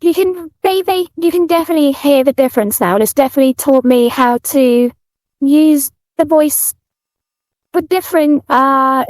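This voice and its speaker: A woman from the UK with a British accent, chatting as a guest in an interview, soft-spoken with many fillers and restarts. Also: sits high, moderate pace, dry recording. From United Kingdom. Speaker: guest streamer. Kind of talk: casual interview chat.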